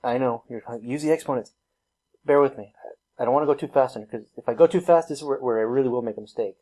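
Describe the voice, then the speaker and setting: This recorded math lesson comes from a man with a mellow, medium-pitched voice moving at a quick pace. He narrates each step casually, teasing and laughing at himself.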